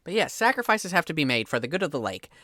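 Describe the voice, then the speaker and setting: A cranky, indignant fisherman in a tabletop game, put on by a man, his voice pitched a little higher than usual and lively. He stammers and snaps defensively when confronted. The sound is close and dry. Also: quick pace, dry recording. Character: cranky fisherman man who drowns sacrifices.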